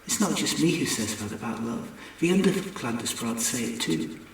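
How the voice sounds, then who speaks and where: A man's voice: mid-range voice, expressive, normal speed, slight background noise, lightly acted. A man voicing an earnest, lovestruck male alien visitor in his own voice for an audiobook. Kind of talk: audiobook character voice. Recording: echoey room, distant mic.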